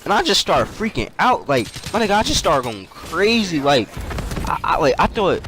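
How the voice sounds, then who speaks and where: Lively young man spinning a story. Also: a little high, normal speed. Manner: loose, slangy, laughs often. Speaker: gaming YouTuber. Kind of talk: casual storytelling over gameplay. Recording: game gunfire noise behind voice. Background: video game gunfire and clicks.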